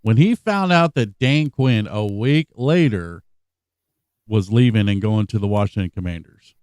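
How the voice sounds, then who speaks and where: Male sports podcast host, low voice, animated delivery, dry mic. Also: measured pace, clear, resonant tone, no echo. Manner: animated, laughing, plays clips. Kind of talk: casual sports chat.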